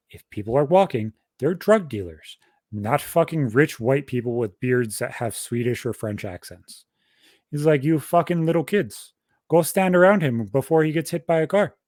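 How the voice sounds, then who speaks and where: A man's voice: medium pitch, no room sound, studio quality. A young man casually telling a long story on a podcast, swearing constantly and rambling through details. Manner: profane, rambling, animated storytelling. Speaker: podcast host.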